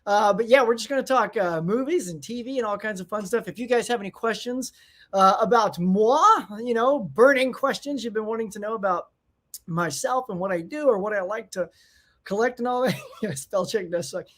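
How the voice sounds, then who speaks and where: Excitable man with a high voice. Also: normal speed. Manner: excitable, chatty, reading out viewer names. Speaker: channel host. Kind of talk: casual live stream chat. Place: home room.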